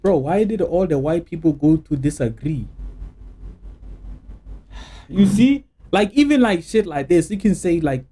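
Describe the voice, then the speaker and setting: A man's voice: sits high, normal speed, long pauses. A young South African man with a South African accent, hosting a reaction video and giving blunt, slangy commentary on the clip. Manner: blunt, slangy, animated, talks back at the clip.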